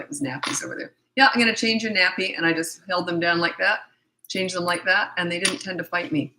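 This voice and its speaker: With a fairly low, sharp-toned voice and a scratchy throat, a middle-aged woman hands out no-nonsense parenting advice during a casual question-and-answer session. She comes across as blunt and matter-of-fact.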